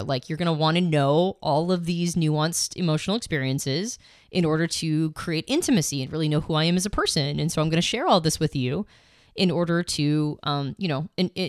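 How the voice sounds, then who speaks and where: A woman's voice: sits low, no echo, clean studio sound. A woman co-hosting a podcast, explaining ideas conversationally with some fillers and restarts. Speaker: podcast co-host.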